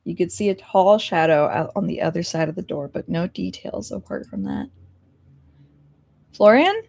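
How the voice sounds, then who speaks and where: A young woman streamer reading a story game aloud and reacting excitably, with laughing asides and loud outbursts. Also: on the low side, a little fast, vocal fry.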